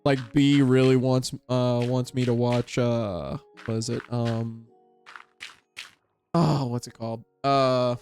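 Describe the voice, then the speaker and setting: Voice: mid-range voice, steady tone, takes it slowly, a little mellow, soft background music. A streamer chatting casually while playing a game with friends, rambling and self-mocking. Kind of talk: casual gaming chat with friends.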